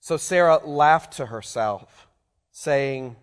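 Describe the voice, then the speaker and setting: A man's voice: mid-range voice, takes it slowly, clean tone. A man preaching a sermon in a conversational way, turning to the congregation with questions as he explains scripture. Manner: conversational, asks the listeners questions. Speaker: pastor. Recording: long hall reverb.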